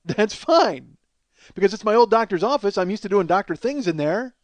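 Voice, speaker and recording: Man in his forties, comedy podcast host, rambling profane monologue, self-mocking, high voice, dry close recording. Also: lively intonation, normal speed, no room sound. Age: 40s.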